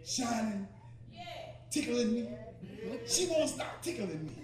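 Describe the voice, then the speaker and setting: A man's voice: very high-pitched, very animated, takes it slowly, crowd noise, exaggerated voice. A preacher acting out a giddy stricken old man. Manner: folksy, indignant then giddy. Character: old man laughing through a stroke, stubborn and merry. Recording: echoey hall, mic far off, congregation.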